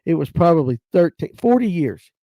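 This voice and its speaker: Speaking with a North Georgia Southern accent, this livestream host in his fifties chats casually, reads comments from viewers and spins folksy tales about family, imitating his relatives. His mellow voice is a little high and slightly fast with big pitch swings, captured at studio quality with no room sound.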